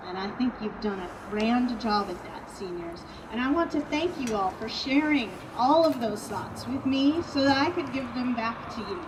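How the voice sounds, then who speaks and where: A woman's voice: fairly high pitch, noisy background. A middle-aged woman giving a heartfelt tribute speech at a ceremony, quoting students' words back to them. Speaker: band parent speaking at a senior tribute. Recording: distant voice with loud outdoor ambience.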